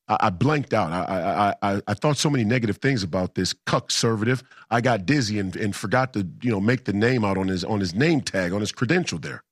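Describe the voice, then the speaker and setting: A man's voice: lowish voice, expressive, fairly quick, no echo. Emphatic man telling a story, dry sound. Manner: emphatic, repetitive, combative. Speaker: political commentator. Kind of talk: casual storytelling monologue.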